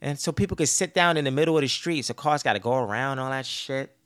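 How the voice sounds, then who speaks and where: A man's voice: medium pitch, fast talker, clear, resonant tone. A man hosting a podcast, telling stories in a casual, profane, exasperated rant. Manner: profane, animated storytelling; petty, exasperated complaining. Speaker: podcast host. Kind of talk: casual ranting monologue.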